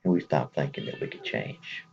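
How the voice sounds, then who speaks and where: A man's voice: rumbling low, huge pitch swings, moderate pace, slight background noise. A man giving an earnest, plainspoken spoken message in a casual, folksy way. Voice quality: gravelly, husky. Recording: dull lo-fi recording.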